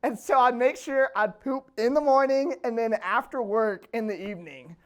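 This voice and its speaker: A man's voice: very high voice, normal speed, smooth. A man in his twenties, a former Marine co-hosting a podcast, telling a story between bursts of laughter. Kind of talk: casual podcast chat.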